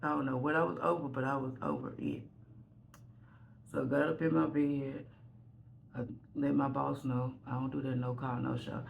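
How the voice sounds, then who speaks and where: A woman's voice: rumbling low, little pitch movement, moderate pace, gravelly, dull audio, a little hiss or hum. A woman vlogger telling a candid, rambling story from home while getting ready. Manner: candid, rambling, self-deprecating.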